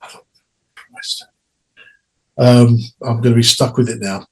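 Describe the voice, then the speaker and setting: A middle-aged man spins a long anecdote for his interviewer. He talks in a loose, chatty flow, restarting phrases and dropping into quick quoted voices. His voice sits in a middle pitch for a man. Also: fairly even intonation, darkish tone, husky, poor audio. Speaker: guest singer. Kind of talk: casual interview storytelling.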